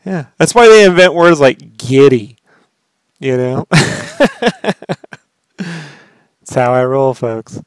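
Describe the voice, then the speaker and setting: Brief: male co-host, playful banter, smooth voice with a lot of swing in it. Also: medium pitch, animated, takes it slowly, long pauses, no echo. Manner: laughs often, bursts into loud sung lyrics. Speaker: podcast co-host. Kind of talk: casual chat while drawing.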